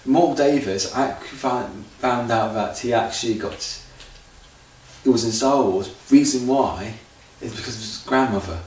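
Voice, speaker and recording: A man's voice: medium pitch, normal speed, a little mellow, slight background noise. A man rambling loosely and unscripted through his audition tape to a camera, restarting his sentences often. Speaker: auditioning amateur actor. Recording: echoey room, distant camera mic, faint ambience.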